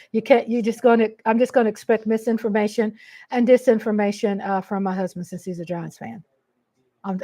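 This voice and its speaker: A woman's voice: mid-range voice, a little mellow. A middle-aged woman hosting a livestream from home on a desk mic, chatting casually and rambling as she reads viewer comments and gets emotional. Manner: emotional, laughs often. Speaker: livestream host. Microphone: USB desk mic.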